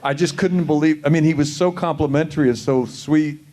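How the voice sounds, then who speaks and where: A man on a convention panel telling anecdotes in an animated way, often exclaiming in disbelief. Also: a little high, fairly quick.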